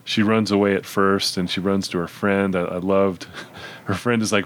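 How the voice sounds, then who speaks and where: A man's voice: low voice, steady tone, moderate pace. A man co-hosting a podcast, chatting about a film in an easygoing way with many agreeing fillers. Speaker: podcast co-host. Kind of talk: casual chat about a film.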